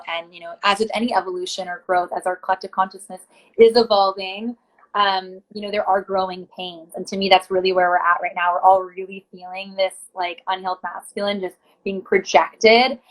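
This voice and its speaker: A woman's voice: mid-range voice, a bit bright, low-quality recording. A woman hosting a podcast, affirming her guest and speaking in spiritual terms, with many fillers. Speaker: podcast host. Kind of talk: casual conversation.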